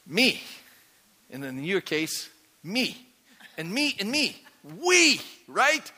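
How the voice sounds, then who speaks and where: Middle-aged male preacher, animated and questioning, fairly high bright voice in a reverberant hall. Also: very slow, husky. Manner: energetic, quizzes the congregation with rising questions. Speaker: pastor. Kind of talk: sermon.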